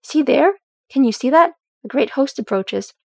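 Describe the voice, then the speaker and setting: Dwalin, a woman reading as a gruff old dwarf warrior. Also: high voice, lively intonation, normal speed, no room sound, studio quality, pitched above the performer's own voice. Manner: growling, blunt.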